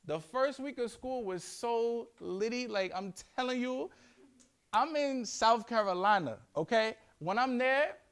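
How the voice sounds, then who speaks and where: A young man with a New York accent talks to a room of students in animated, slangy storytelling. His voice sits fairly high for a man. He keeps the tone playful and conversational. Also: measured pace, clear, resonant tone. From Yonkers, New York. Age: young adult. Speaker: guest speaker. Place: school classroom.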